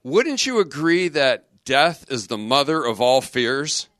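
A middle-aged man, a religious brother, giving a lively youth talk in a conversational, joking way full of rhetorical questions. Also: mid-range voice, slow, dry recording, studio quality.

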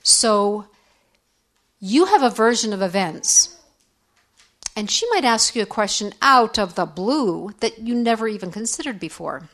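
A middle-aged woman speaks candidly and conversationally, sharing personal stories in a reflective talk for women. Her pitch sits in an ordinary middle range. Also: animated, a little slow, fairly bright tone. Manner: candid, conversational, acts out quoted voices. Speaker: speaker on faith and forgiveness.

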